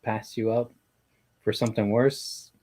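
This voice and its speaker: A man's voice: on the low side, flat delivery, unhurried, mellow. A man co-hosting a casual podcast chat, laid-back and rambling. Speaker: podcast co-host.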